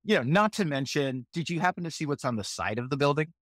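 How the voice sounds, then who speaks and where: A man's voice: a little high, lively intonation, quick pace, a bit bright, no room sound. A man co-hosting a math podcast, doing scripted comedy banter, playful and easily exasperated. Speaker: podcast co-host.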